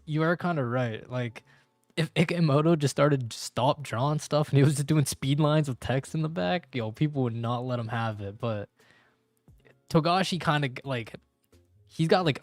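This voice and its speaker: A man's voice: medium pitch, dry recording. A young man streaming live and reacting as he reads manga. His talk is slangy and rambling, full of fillers, with faint music behind. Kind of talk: casual live-stream commentary.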